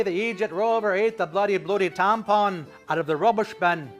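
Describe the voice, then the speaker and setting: A man's voice: high-pitched, fairly bright tone. A man putting on a put-on Irish accent to voice a bawdy, cheeky stage-Irish man full of swearing and slang. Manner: swearing, slangy, mock-folksy.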